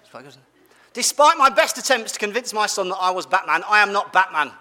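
A man's voice: high voice, expressive, quick pace, sharp tone, big-room sound. A man giving a playful, family-friendly sermon as a preacher, asking his audience questions as he goes.

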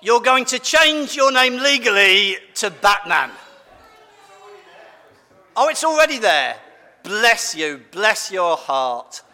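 A man preaching a family-friendly sermon in a big hall, with long reverb trailing each phrase. His voice is high and very bright, and it swoops up and down as he quizzes the crowd in a playful, animated way. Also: slow pace, pauses often. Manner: animated, asks the audience questions, playful.

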